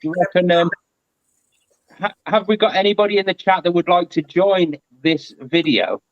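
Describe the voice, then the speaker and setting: A man talks in a lively, chatty way, his voice sitting a little high. He is on a video call, and the sound comes through muffled and lo-fi with no room echo. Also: moderate pace. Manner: chatty and animated. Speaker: guest. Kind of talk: casual live-stream chat.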